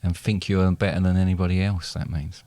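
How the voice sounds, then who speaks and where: A man's voice: deep voice, level tone, a little fast, dark tone, no room sound. A middle-aged man from Britain, co-hosting a podcast with his son in playful, teasing banter. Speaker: podcast co-host, father. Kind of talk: joking banter.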